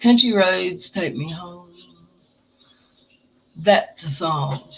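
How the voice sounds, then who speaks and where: A woman's voice: lowish voice, lively intonation, drawn-out words, vocal fry, fairly bright tone, breathy edge. A woman hosting a livestream, joking and rambling in casual chat. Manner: jokey, rambling, self-mocking. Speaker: host.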